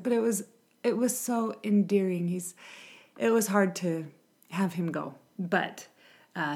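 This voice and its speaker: A woman who sings for a music ministry, talking casually to viewers before a song, chatty and meandering with frequent asides. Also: medium pitch. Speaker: music ministry singer and host.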